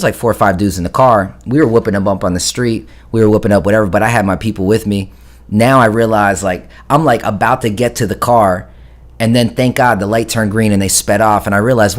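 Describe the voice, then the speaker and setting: A man in his thirties casually telling a long story, profane and rambling, often stopping to correct himself. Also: on the low side.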